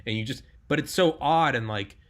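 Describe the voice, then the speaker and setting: A man's voice: mid-range voice, moderate pace. A young man hosting a podcast, chatting casually and animatedly, swearing and laughing as he tells stories. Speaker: podcast host.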